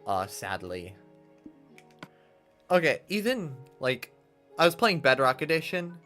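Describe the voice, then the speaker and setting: Chatty man with a lively pitch. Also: takes it slowly. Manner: nostalgic, chatty, thinking aloud with restarts. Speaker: streamer. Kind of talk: casual gameplay commentary. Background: faint game music.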